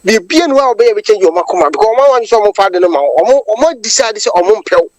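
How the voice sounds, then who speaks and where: A woman's voice: mid-range voice, lively intonation, racing, darkish tone, no echo, poor audio. A Ghanaian woman calling in to a radio show, delivering a long impassioned monologue that switches between English and Twi. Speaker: caller. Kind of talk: phone-in political commentary.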